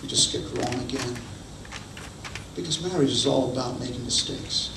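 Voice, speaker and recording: Pastor preaching in an echoey hall. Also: male voice, mid-range voice, normal speed. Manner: storytelling, acts out quotes. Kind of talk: sermon. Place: church hall. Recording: echoey hall, distant mic, faint noise.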